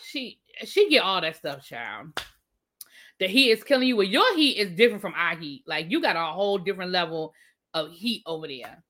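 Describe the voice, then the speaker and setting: A woman with a Washington DC accent, chatting casually on a livestream and answering her viewers' comments with drawn-out asides. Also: on the low side, very animated, a bit bright. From Washington DC area. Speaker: livestream host.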